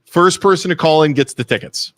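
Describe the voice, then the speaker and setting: A man's voice: a little high, a little fast, fairly bright tone, dry recording. A man with an Ohio accent hosting a casual local talk radio show, telling offhand stories. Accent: Northeast Ohio American. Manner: conversational, offhand storytelling. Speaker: host.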